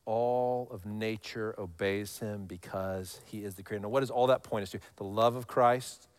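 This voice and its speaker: A man in his thirties preaching a sermon, telling stories with animated highs and dropping to a hush for scripture lines. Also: normal speed, clean tone. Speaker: pastor.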